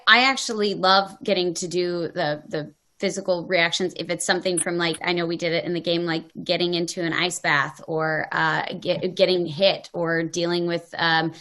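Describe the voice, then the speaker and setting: A woman, a voice actor, answering interview questions in an animated way, quickly acting out quoted notes and questions. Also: fairly low pitch. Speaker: voice actor guest.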